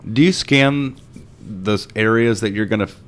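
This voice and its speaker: A man's voice: on the low side, moderate pace. A man hosting a casual podcast who asks questions and chimes in with short, agreeing replies.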